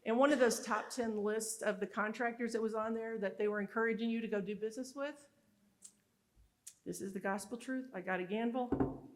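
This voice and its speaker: A woman speaks at a live conference event, her voice sitting a little higher than most. She tells her stories with animated emphasis and frank candor. The delivery is a motivational speech to a room. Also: brisk, slight background noise. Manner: animated storytelling, emphatic and candid. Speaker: summit speaker.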